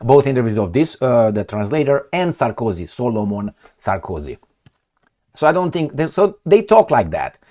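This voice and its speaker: A man's voice: medium pitch, very animated, normal speed, mellow. A man giving rambling, sarcastic political commentary on his own, swearing and laughing often.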